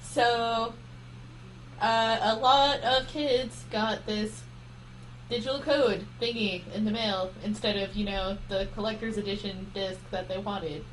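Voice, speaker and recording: A woman's voice: medium pitch, fairly even intonation, unhurried, slight background noise, poor audio. A woman co-hosting a casual podcast, chatting about gaming news and swearing casually. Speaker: podcast co-host. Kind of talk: casual chat.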